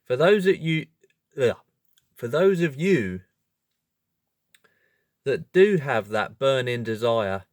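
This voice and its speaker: A man hosting a video, explaining in a casual monologue, animated and self-correcting, often breaking into laughter. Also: mid-range voice, slow, long pauses, dry recording, studio quality. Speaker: video host.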